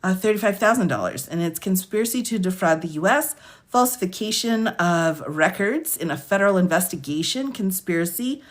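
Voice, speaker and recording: A woman attorney hosting a casual livestream, reading out charges and sentences quickly, chatting with viewers by name and laughing often. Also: fairly low pitch, lively intonation. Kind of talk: casual livestream commentary reading case lists.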